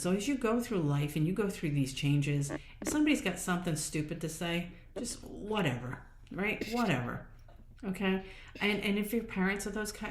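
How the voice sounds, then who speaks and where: Hosting her own podcast, a woman delivers casual, encouraging motivational talk while playing out little inner voices. Her voice sits lowish, and the room is echoey.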